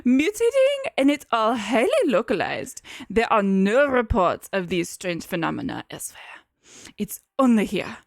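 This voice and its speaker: A woman's voice: medium pitch, sing-song, normal speed, vocal fry, no room sound, studio quality. A woman voicing a rude female doctor with a clipped foreign accent and a curt, abrupt manner.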